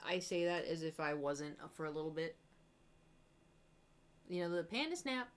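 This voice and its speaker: In a low voice at normal speed, a young woman chats casually as she paints for her stream. Her rambling, animated tales include acted-out past reactions, with herself quoted in exclamations.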